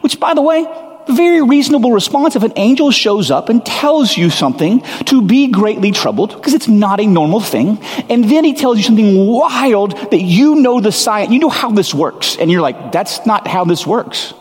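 Higher-voiced man preaching in an echoing hall. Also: sing-song, normal speed, few pauses. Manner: conversational, candid, self-deprecating. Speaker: pastor. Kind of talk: sermon with scripture reading. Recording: long reverb of a large hall.

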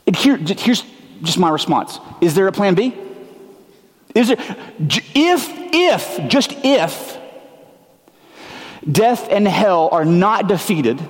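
A man's voice: high-pitched, sing-song, takes it slowly, pauses often, in a large hall. A man preaching a sermon in a casual, conversational way, with slang and frequent restarts. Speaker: pastor.

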